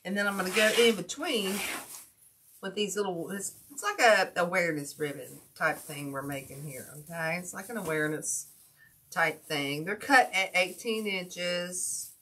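Chatty folksy woman with a bright voice. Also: lowish voice, moderate pace, husky. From Ohio, USA. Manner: chatty, folksy, greets viewers by name. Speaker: wreath-making livestream host. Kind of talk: casual craft livestream chat.

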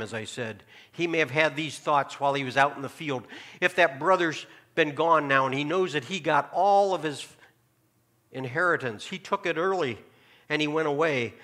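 Pastor guy preaching, kinda high bright voice, asks the crowd stuff then gets real quiet. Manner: preaching with rhetorical questions and sudden drops to a hushed tone. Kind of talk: sermon. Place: church sanctuary.

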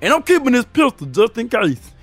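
High-pitched excitable cartoon guy. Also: fairly quick, no room sound, faint music behind. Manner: loud, excitable, swears freely in slang. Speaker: cartoon creator voicing lead character K-Mo. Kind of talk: comedic cartoon voice acting.

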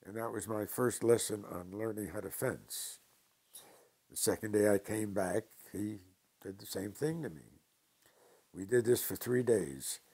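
An older man from New York telling stories from his past slowly and with dry humor in an interview. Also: lowish voice, a little mellow, breathy edge. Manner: slow, deliberate anecdotes with dry humor. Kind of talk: storytelling interview.

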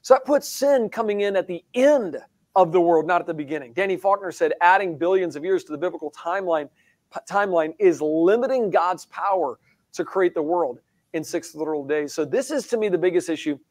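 Man, high voice, emphatic, restarts a lot, dry close sound. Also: fairly quick, no echo. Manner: emphatic, animated, many restarts, mocking mimicry. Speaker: guest speaker. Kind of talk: presentation in a live-streamed discussion.

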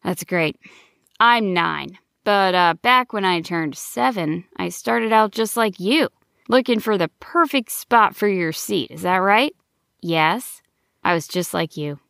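A woman voicing a nervous, chatty nine-year-old male gnome with a raspy voice, in a children's audio story. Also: lowish voice, unhurried, dry recording, clean studio sound. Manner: rambling, self-interrupting. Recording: soft background music.

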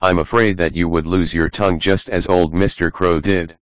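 Teasing laid-back skunk read by a man, storybook voice, deep, smooth. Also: steady tone, moderate pace, no room sound, close to an everyday voice. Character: teasing, easygoing male skunk. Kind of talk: audiobook reading.

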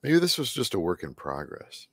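Live-streaming while he paints, a scratchy-voiced man rambles casually, often muttering to himself and letting sentences trail off. His low voice swings hugely in pitch at a normal pace, with a fairly bright, slightly rough tone and no room sound.

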